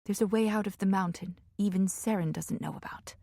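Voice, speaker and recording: A woman voicing a commanding older noblewoman with a throaty laugh and a soft lilt, in an audiobook. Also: medium pitch, animated, normal speed, no echo, clean studio sound, close to an everyday voice. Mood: hushed.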